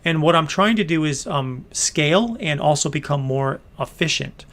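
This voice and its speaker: Gravelly-voiced man chatting on a livestream. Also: fairly high pitch, expressive, normal speed, a bit bright. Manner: rambling, many fillers and restarts, explaining plans to viewers. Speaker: small business owner hosting a livestream. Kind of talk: casual livestream chat, reading viewer comments.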